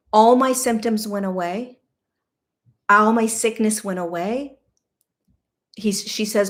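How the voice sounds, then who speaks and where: A middle-aged woman hosting a podcast, telling a personal story in a candid, animated way with many asides. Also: mid-range voice. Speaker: podcast host.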